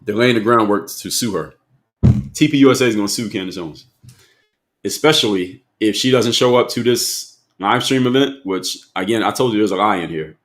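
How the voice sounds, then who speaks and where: Low-voiced man quizzing his live chat. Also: fairly quick. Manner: emphatic, repeats points and quizzes chat. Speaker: live stream host. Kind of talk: live stream commentary.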